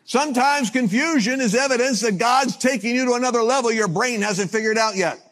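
A man preaching a sermon, telling stories with jokes and swinging between loud bursts and hushed asides. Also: very high-pitched, fairly quick. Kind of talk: sermon with storytelling.

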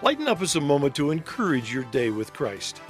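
A man's voice: on the high side, huge pitch swings, fairly quick, faint music behind. A man hosting a short radio program, reading a scripted introduction and sign-off in an announcer's manner.

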